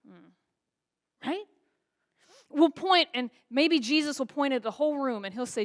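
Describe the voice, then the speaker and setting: Woman pastor, sermon, somewhat high pitch, rhetorical questions, church. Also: animated, normal speed, long pauses. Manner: preaching with rhetorical questions and acted quotes. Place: church sanctuary.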